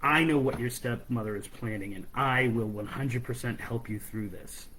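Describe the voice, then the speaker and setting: Man doing a helpful storybook mouse, urgent and insistent, slightly husky. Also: mid-range voice, moderate pace, fairly bright tone, poor audio. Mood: earnest. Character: kind talking male mouse, helpful and loyal.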